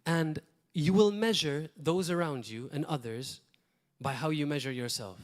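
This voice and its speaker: A man preaching a sermon as pastor, talking in a lively, rambling way and acting out quotes now and then. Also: fairly high pitch, a little slow. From Malta.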